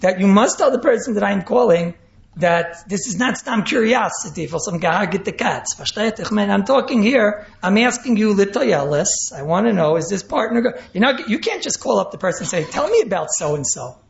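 A man's voice: high-pitched, animated, moderate pace, vocal fry. A man with giving an informal Torah lecture as a rabbi, rambling, chuckling, and mixing in Hebrew and words. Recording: roomy, dull lo-fi recording.

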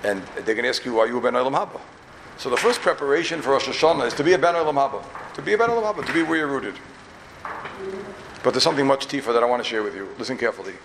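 A rabbi from Borough Park, giving an emphatic yeshiva talk full of repeated questions and wry asides. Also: male voice, mid-range voice, animated, very fast, creaky, noisy background. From Borough Park, New York.

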